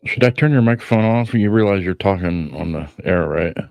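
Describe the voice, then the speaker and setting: A man's voice: low voice, lively intonation, brisk, creaky, darkish tone, no echo. A man from Ohio with an Ohio accent, hosting a podcast in casual, joking chat that rambles and stammers. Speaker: podcast host.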